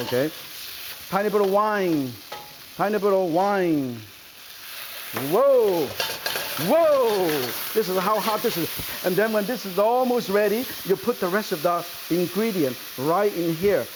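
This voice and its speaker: Bubbly chef with a high voice. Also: male voice, noisy background. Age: older. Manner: enthusiastic, exclaiming and chatty. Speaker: celebrity chef and host. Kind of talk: cooking show demonstration.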